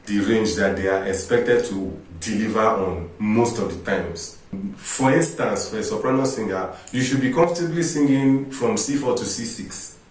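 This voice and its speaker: Man, vocal coach, explanatory, rhetorical questions, heavy room echo, distant mic. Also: lowish voice. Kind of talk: informal teaching talk to camera.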